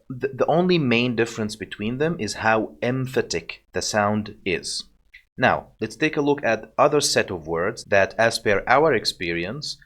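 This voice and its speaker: A man with a fairly low voice teaches an online language lesson at a very unhurried pace. He explains each point with care and sounds out syllables one by one so learners can repeat them. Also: fairly bright tone. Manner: slow, deliberate, repeats sounds for learners to copy.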